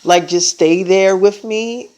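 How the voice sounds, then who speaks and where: A man doing a hushed, clingy young woman. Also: sits high, takes it slowly. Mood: pleading. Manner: hushed, breathy and pleading.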